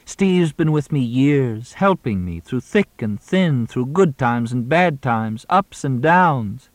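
A man voicing a sharp-tongued young woman who is an actress, wry and teasing. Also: medium pitch, animated, dry recording, pitched above the performer's own voice. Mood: dramatic. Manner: mocking, theatrical, quick-witted.

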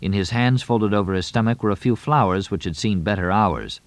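A man narrating a novel audiobook in a measured, even way. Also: fairly low pitch, dry recording. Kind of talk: scripted narration.

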